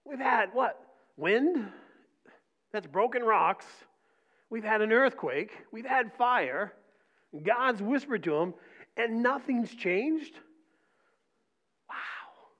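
A middle-aged man preaching a sermon in a conversational way, often asking "right?" and dropping his voice to a soft hush for emphasis. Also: very high-pitched, expressive, takes it slowly, long pauses. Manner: conversational preaching with frequent "right?" and repeated words; drops to soft near-whispers for emphasis. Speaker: pastor. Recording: dull lo-fi recording.

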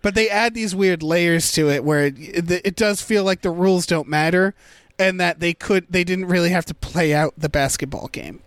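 A man's voice: high-pitched, normal speed, dry recording, studio quality. A man in a casual movie review chat, rambling and thinking aloud as he picks apart a plot.

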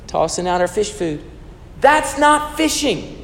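High-voiced man preaching in a reverberant hall. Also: a little slow. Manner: animated, swings between loud emphasis and hushed storytelling. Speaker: pastor. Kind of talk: sermon.

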